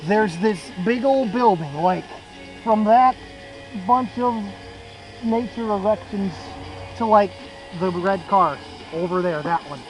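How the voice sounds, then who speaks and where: A young man with a high voice tells a crude, meandering story to his friends. He curses freely and laughs at his own jokes as loud music plays behind him. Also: takes it slowly, low-quality recording. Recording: music playing loudly behind.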